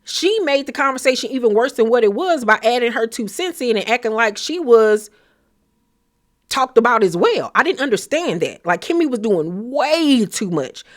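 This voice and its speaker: A woman giving a blunt, profane, animated recap of a reality show in casual commentary. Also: on the high side, normal speed.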